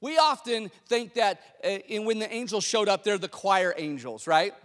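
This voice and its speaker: A man's voice: sits high, animated, moderate pace, a bit bright, in a large hall. A male pastor preaching a sermon, telling the story animatedly with frequent restarts.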